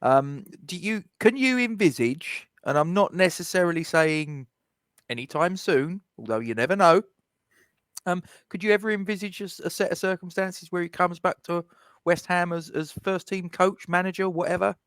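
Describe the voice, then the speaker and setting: A man's voice: high-pitched, moderate pace, fairly bright tone, clear, resonant tone. A man hosting a fan interview show, asking long questions padded with "sort of, like" and making short agreeing replies. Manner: agreeable, prompting questions with hedging fillers. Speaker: podcast host, interviewer. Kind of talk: casual interview chat.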